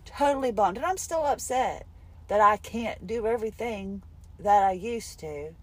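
A middle-aged woman talks candidly into her recorder while on the road between appointments. Her talk is rambling and emotional, with a voice pitched in the middle range. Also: lively intonation, unhurried, dry recording. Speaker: podcast host. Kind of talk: casual spoken diary.

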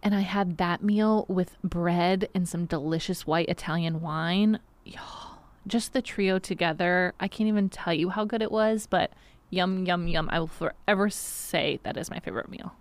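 A woman's voice: lowish voice, normal speed, no echo. Bubbly, playful woman. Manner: bubbly, playful, laughs often. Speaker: podcast co-host. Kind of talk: casual chat.

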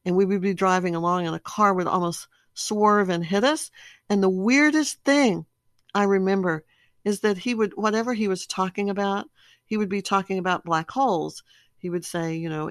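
A woman's voice: medium pitch, moderate pace, fairly bright tone, no echo. A middle-aged woman speaking casually and telling stories with animation, acting out her own reactions as she explains personality disorders.

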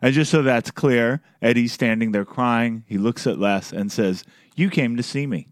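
A man's voice: mid-range voice, normal speed, soft background music. A man hosting a podcast, narrating from a script with wry, conversational asides. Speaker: podcast host.

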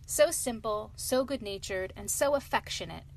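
A woman voicing a cheerful, good-natured male water rat in a storybook reading, with a brisk, lively manner. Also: medium pitch, gravelly, a little hiss or hum, close to an everyday voice.

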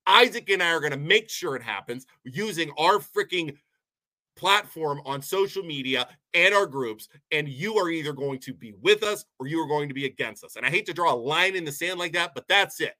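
A man's voice: on the high side, expressive, brisk, bright, forceful tone. A man from Ohio delivering a heated, sarcastic rant as a local commentator, sounding a bit sick. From Poland, Ohio, USA. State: sick, unwell. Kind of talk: ranting monologue.

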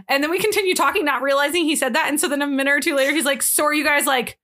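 A young woman co-hosting a podcast tells a story in an easy chatty way, leaning on "like" and laughing often. Her voice is bright and sits fairly high. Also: fairly even intonation, rapid-fire, hardly any pauses. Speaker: podcast co-host. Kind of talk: casual chat.

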